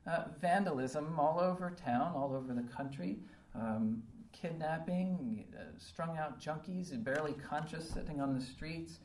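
Low-voiced woman preaching in an echoey hall. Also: unhurried, a little mellow. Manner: earnest, piles up rhetorical questions with many um fillers. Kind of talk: sermon. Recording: roomy echo from a distant mic, faint ambience.

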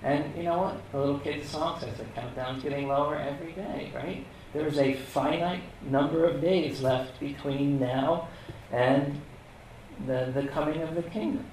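A man's voice: on the high side, moderate pace, darkish tone, distant mic, slight background noise. Man, preacher, casual bible teaching, rhetorical questions, very echoey room, mic set back. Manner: conversational, rhetorical questions, frequent "okay?".

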